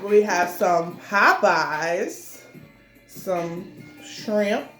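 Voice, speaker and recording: A woman's voice: mid-range voice, expressive, drawn-out words, fairly bright tone, soft background music. A woman co-hosting a casual mukbang chat, talking loosely with lots of fillers while she eats. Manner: chatty, loose and rambling, full of fillers. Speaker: mukbang co-host. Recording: roomy echo.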